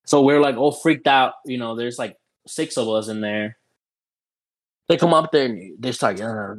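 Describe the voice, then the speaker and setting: A young adult man, a podcast guest, telling a story in a casual, animated way, full of "you know" and "dude". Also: mid-range voice, normal speed, poor audio.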